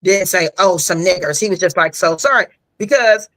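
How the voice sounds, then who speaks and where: A man's voice: high-pitched, moderate pace, pushed and bright, dry recording, poor audio. A man co-hosting a podcast, chatting casually and responding with reflective, agreeable remarks. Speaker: podcast co-host. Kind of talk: casual chat.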